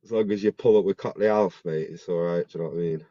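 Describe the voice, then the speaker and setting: A man's voice: deep voice, quick pace, dark tone, dry recording. A man hosting a casual podcast chat, full of slang, stammered restarts and "mate". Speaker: podcast host. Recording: dull lo-fi dry sound.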